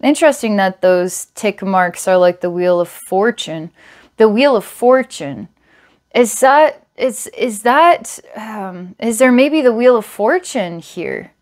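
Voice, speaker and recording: A woman giving an intuitive psychic reading, talking in a halting, searching way with many fillers and repeated words, sometimes slow and hushed. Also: medium pitch, lively intonation. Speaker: psychic reader.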